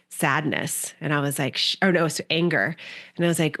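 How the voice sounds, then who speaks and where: A woman's voice: sits low, fairly even intonation, a little fast, fairly bright tone. A woman guest on a podcast, talking in a flowing, spiritual way about inner work as a creative coach. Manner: flowing, spiritual, dreamy phrasing. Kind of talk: podcast conversation.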